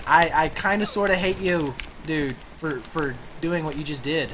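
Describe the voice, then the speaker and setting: A man giving casual commentary on his own gameplay, excitable, swearing and breaking into sudden yelps and groans. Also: fairly high pitch, a little slow, background noise.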